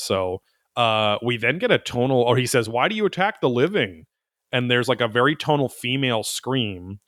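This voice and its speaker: A man's voice: lowish voice, a bit bright, dry recording, studio quality. A man hosting a podcast, recapping an episode in a rambling, profane, wry casual chat. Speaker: podcast host.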